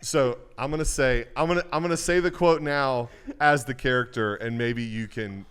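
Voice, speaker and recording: A young man hosting a movie-quote quiz in casual podcast chat, reading quotes slowly with blanks. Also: medium pitch, fairly bright tone, clean tone. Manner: reads quotes slowly with blanks, laughs often. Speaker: quiz host.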